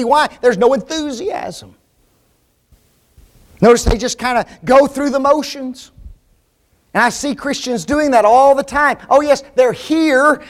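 A man with a high voice preaches a sermon. He drives his points home with emphatic repetition and keeps asking his listeners short tag questions.

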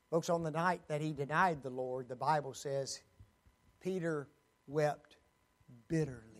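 Man, preacher, sermon, high-pitched, slow deliberate delivery, dramatic. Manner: slow, dramatic, acts out quoted pleas.

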